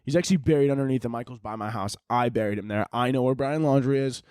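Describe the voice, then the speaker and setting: A man's voice: medium pitch, fast talker, darkish tone, clear, resonant tone, no echo, clean studio sound. A young man hosting a podcast, ranting in a rambling, profane, jokey way. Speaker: podcast host. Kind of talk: casual comedic podcast monologue.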